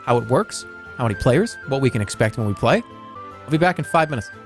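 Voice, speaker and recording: Medium pitch and expressive, a thirty-something male streamer talks with faint music behind him. He plays a game while chatting casually, cracking jokes, reacting quickly, and reading messages from chat aloud.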